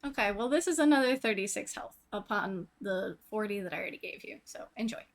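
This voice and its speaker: A woman's voice: mid-range voice, animated, a little fast. A woman playing a tabletop game in casual chat, talking freely and laughing often. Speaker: player. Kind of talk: casual tabletop role-play.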